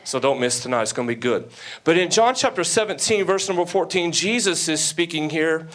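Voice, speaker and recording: Southern male guest pastor, slightly high voice, folksy sermon delivery with jokes and emphatic peaks. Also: fairly quick, a bit bright. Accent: Southern American. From American South. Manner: folksy, joking asides, rising to emphatic preaching. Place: church sanctuary before a congregation.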